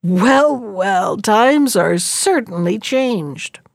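A woman's voice: medium pitch, expressive, extremely slow, gravelly, dry recording, clean studio sound, heavily acted. A woman voicing a crafty old peasant man who feigns wonder to fool his wife. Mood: sly. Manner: sly, coaxing, feigns wonder.

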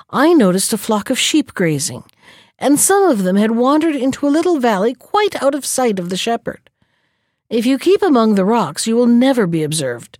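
A woman's voice: fairly high pitch, darkish tone, no room sound, studio quality. Woman doing a sly storybook jackal. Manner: polite, scheming storybook voice. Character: sly cunning male jackal, smooth talker.

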